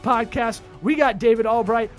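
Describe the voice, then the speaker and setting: A man hosts a comedy business podcast in a jokey, fast-plugging manner. His voice sits high, with faint music under it. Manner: jokey, rapid-fire sponsor plugs. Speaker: podcast host. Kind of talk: casual podcast chat with ad reads.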